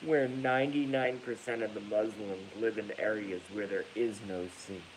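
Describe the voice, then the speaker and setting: A man's voice: lowish voice, fairly even intonation, moderate pace, a little hiss or hum, low-quality recording. A man ranting angrily on a livestream, swearing often and breaking into laughter while reading viewer comments. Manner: angry, profane, breaks into laughter.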